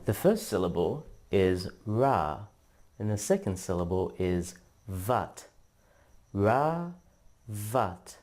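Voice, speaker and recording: A man narrating a scripted language lesson in a measured, instructional way, drawing out syllables for practice. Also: sits low, lively intonation, darkish tone. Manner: slow, measured, drawn-out syllable drills. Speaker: language teacher.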